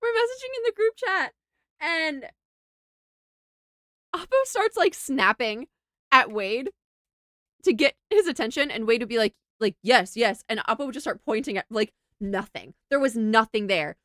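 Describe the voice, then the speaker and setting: A young woman chats to her stream with a high, bouncy voice that leaps all over the place as she laughs through a travel story. She's animated and giggly, packed with fillers. The sound is dry and close. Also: normal speed, pauses often, dry recording. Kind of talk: casual storytelling to a livestream chat.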